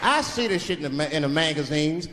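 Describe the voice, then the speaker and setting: A man's voice: a little high, animated, fast, very noisy. A man performing a stand-up comedy routine on stage, telling profane stories and acting out voices. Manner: brash, profane storytelling with acted-out voices. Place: comedy stage before a live audience. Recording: live show with loud crowd laughter.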